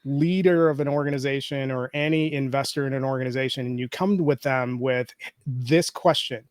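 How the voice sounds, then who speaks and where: A man in the guest seat lays out his points in a measured, explanatory way, building his case step by step from data. His voice sits in a middle pitch. The sound is dry and close, with no room around it. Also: fairly even intonation, clean tone, no room sound. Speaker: guest, podcaster. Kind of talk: interview answers.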